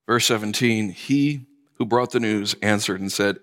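Male pastor, 40s, conversational sermon delivery, forceful bright tone, church hall reverb. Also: lowish voice, measured pace. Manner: storytelling, conversational, dropping to quiet for sad moments.

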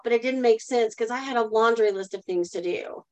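A woman's voice: a little high, fairly quick, a bit bright, poor audio. A middle-aged woman telling a personal story as a guest in a live online talk, earnestly, and asking the audience to answer in the chat. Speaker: guest speaker.

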